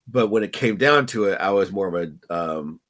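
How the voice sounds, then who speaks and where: Rambling man with a lowish voice. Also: animated, fairly quick, a bit bright. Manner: rambling, filler-heavy. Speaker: podcast co-host. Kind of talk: casual chat.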